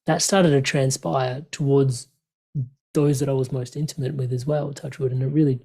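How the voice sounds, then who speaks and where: Earnest man, mellow voice. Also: medium pitch, fairly even intonation, moderate pace. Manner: open, earnest, many fillers and restarts. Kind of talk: reflective conversational chat.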